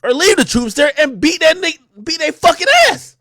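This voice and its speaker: Man ranting on a livestream, high voice, swooping pitch, dry close sound, profane and mocking. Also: brisk, no echo. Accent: New York. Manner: animated, profane, mocking impressions. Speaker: livestream host. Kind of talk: unscripted livestream rant.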